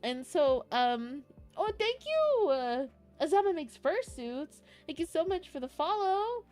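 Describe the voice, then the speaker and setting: A young woman streams casually to her chat, recounting a meetup in an emotional, rambling way with restarts, often giggling and close to tears. Her voice is high with lively intonation and a darkish tone, a little slow, with faint music behind.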